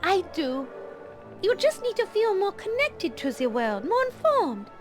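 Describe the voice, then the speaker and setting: Game dialogue: sardonic young vampire woman, high and lively, dry wit. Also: measured pace, soft background music, heavily acted. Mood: wry.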